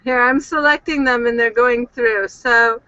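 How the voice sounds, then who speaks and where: Bright-voiced woman hosting over a video call. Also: fairly high pitch, fairly even intonation, measured pace, no room sound, lo-fi sound. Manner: upbeat, reads out viewer questions. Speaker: host. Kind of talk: webinar Q&A hosting.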